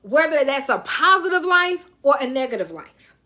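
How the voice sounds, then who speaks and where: A life coach with a Southern US accent, speaking at normal speed in a high, sharp and very animated voice, reads a book aloud on a live stream. She chats with viewers, greeting them by name, and tosses in playful sing-song asides.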